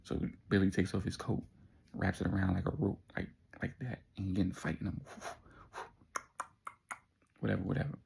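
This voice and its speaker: Gravelly, husky man telling a story. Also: deep voice, fairly even intonation, normal speed, pauses often, a little mellow. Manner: slangy, laid-back, with sound effects. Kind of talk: casual storytime narration.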